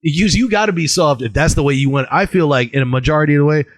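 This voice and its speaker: A man co-hosting a casual podcast, trading animated, joking banter. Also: a little high, quick pace, no echo. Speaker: podcast co-host. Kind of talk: casual chat.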